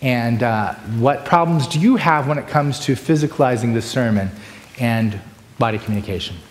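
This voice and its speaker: Male lecturer, expressive, loud-to-hushed swings, recorded in a reverberant hall. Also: mid-range voice, moderate pace, a little hiss or hum. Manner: animated, shifts between loud bursts and hushed asides. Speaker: preaching workshop speaker. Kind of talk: conference lecture with demonstrations. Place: large hall with long reverb. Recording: echoey hall from far off.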